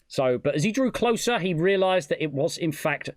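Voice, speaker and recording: A man's voice: a little high, expressive, normal speed, no echo. A British man hosting a podcast, reading a true-crime story aloud with stumbles and self-corrections. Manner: reads the story aloud with stumbles, laughs a lot. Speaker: podcast host. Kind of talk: casual podcast narration.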